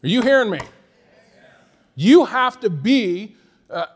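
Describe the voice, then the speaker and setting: Middle-aged male pastor with a high voice, preaching with emphatic repetition and chuckling asides. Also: sing-song, slow, pauses often, slightly rough, big-room sound. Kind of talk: sermon.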